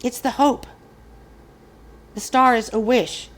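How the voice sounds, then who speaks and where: A woman's voice: fairly high pitch, steady tone, slow. A woman hosting a casual collective tarot reading, speaking earnestly and encouragingly to her viewers. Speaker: tarot reader.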